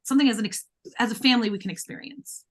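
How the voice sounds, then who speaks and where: A woman's voice: on the high side, very fast. A woman co-hosting a casual live chat, telling stories with lots of quoted asides. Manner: animated storytelling with quoted asides. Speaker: co-host.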